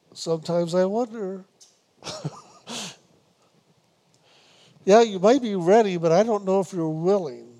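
Man, high voice, slow delivery, spiritual teacher, meditation talk, teasing, laughs now and then. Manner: unhurried, repetitive, gently teasing with laughs.

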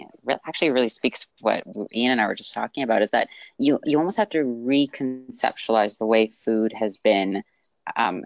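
A woman from Canada, a sport scientist, talks in a lively way with many "like"s and restarts. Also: a bass voice, dry recording, dull audio. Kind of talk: conversational interview.

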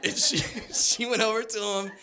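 Male stand-up comic in his thirties, bright tense voice, rambling story with acted-out quotes. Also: sits high, steady tone, moderate pace. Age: 30s. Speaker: stand-up comedian. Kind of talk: stand-up comedy set. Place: stage before a laughing audience.

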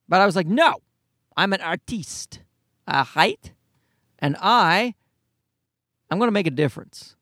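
A man in his forties talks through a solo podcast in a high, bouncy voice that leaps up and down. He rambles off on tangents, swears freely and makes fun of himself. The sound is dry and close, with no room around him. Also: vocal fry, fairly bright tone, no room sound. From Canada. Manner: rambling, profane, self-deprecating. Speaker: podcast host. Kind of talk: casual solo podcast monologue.

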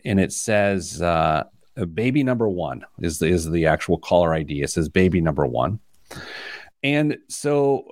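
A man hosting a radio money show, telling stories in a lively, self-deprecating way. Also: deep voice, dry recording, clean studio sound. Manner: animated, self-deprecating storyteller. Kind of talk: casual chat, storytelling.

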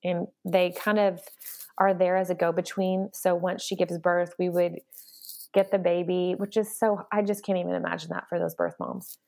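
A woman's voice: fairly low pitch, level tone, normal speed, creaky, darkish tone. A woman speaking earnestly and candidly as a guest, with many fillers and restarts. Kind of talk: personal storytelling in conversation.

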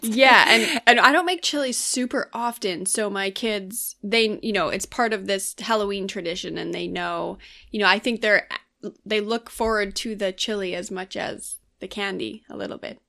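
A woman co-hosting a podcast, her voice gravelly with vocal fry. She sounds groggy and tired from the early hour, and her casual chat stays relaxed and easygoing. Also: medium pitch, moderate pace. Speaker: podcast co-host.

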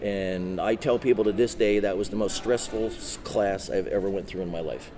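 A middle-aged man, a former deputy and dog handler, telling animated, profane stories as a guest in a casual interview. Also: fairly low pitch, moderate pace, background noise.

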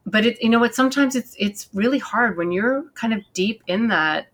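A woman who works with parents and kids, explaining with earnest, animated asides as an interview guest. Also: on the high side, moderate pace, a little hiss or hum.

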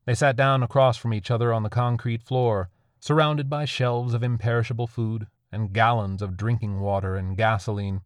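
Brief: male narrator for a grim horror story, measured, mid-pitched, dry close sound. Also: steady tone, no room sound.

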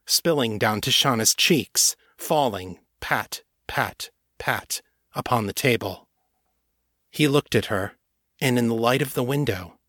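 A man narrating fiction in a measured, unhurried reading. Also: mid-range voice, fairly bright tone, no room sound, studio quality.

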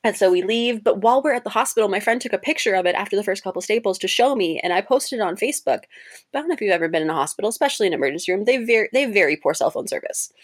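A young woman in her twenties, an interview guest and cosplayer, telling stories in a casual, animated way with laughter and quick jumps in pitch for quoted voices.

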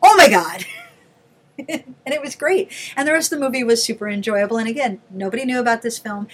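Animated storytelling woman. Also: on the high side, fairly quick. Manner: animated storyteller, laughs often. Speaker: podcast co-host. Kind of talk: casual chat.

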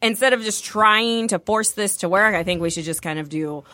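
A woman's voice: medium pitch, moderate pace, pushed and bright, dry recording. A woman in casual chat, giving frank advice.

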